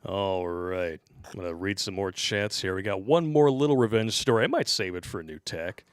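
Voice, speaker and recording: A man's voice: low-pitched, normal speed, clean tone, dry recording, studio quality. A man hosting a live podcast, reading listener messages aloud with a wry manner. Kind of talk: reading aloud and casual chat.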